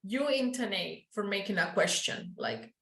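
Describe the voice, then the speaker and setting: A woman from Colombia with a Paisa Spanish accent, teaching an English class and modelling sounds slowly, slipping into Spanish to explain. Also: medium pitch, animated, gravelly, a bit bright, roomy sound, low-quality recording.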